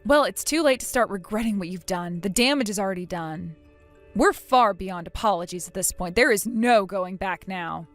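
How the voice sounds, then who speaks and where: A woman's voice: medium pitch, expressive, normal speed, soft background music, natural voice. A woman voicing a stern, cold young woman who scolds and refuses to forgive in a scripted drama.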